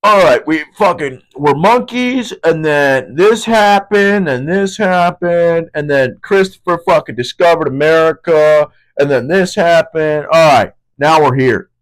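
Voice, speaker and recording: Profane, rambling high-voiced young man. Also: unhurried, rough recording. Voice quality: voice cracking. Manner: profane, rambling, searching for words. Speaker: podcast host. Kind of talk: casual monologue.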